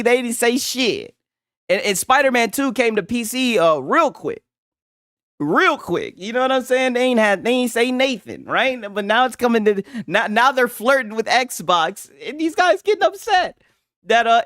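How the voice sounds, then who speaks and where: A man's voice: high voice, fairly bright tone, no echo, clean studio sound. A man hosting a casual gaming livestream, mocking his audience with frequent laughter and profanity. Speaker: gaming commentary streamer.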